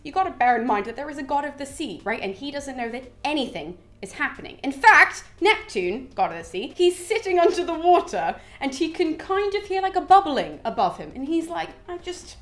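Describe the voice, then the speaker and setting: A woman with a somewhat high voice walks through an ancient epic as if gossiping with a friend. Her tone is animated and full of asides. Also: brisk, hardly any pauses. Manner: chatty, animated storytelling with frequent asides. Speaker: literature explainer. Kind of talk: casual retelling of a classic.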